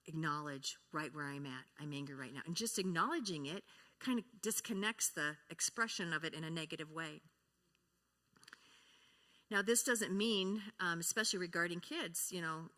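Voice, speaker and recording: A woman's voice: mid-range voice, pushed and bright, in a large hall. An older woman speaking at a church service, teaching in an earnest way and acting out short sample conversations. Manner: earnest, acts out sample dialogue. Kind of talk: sermon teaching.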